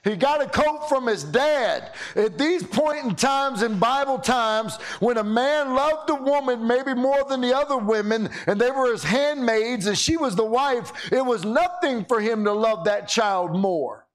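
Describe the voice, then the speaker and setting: A high-voiced man preaching in an animated, storytelling way. He keeps stumbling over the first words of his sentences and repeating them as he builds his point. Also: unhurried, hardly any pauses. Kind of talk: sermon with storytelling.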